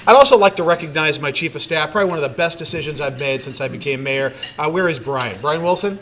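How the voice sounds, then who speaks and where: A man's voice: on the high side, quick pace, a bit bright, slight background noise. A man speaking as a mayor addressing a large banquet room, joking and conversational, with frequent fillers. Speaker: mayor giving a city address. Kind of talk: public speech to a crowd.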